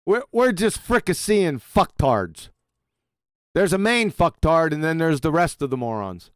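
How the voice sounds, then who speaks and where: A man hosting a livestream, giving crude, mocking commentary on a clip he plays and shouting in outbursts. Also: fairly high pitch, big pitch swings, takes it slowly, pauses often, clean tone, no room sound, studio quality. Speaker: livestream host.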